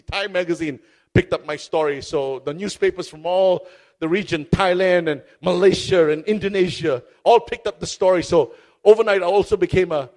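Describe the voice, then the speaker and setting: Pastor, male, high-pitched, impassioned sermon storyteller who repeats key phrases. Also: creaky, a little mellow. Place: stage before a congregation.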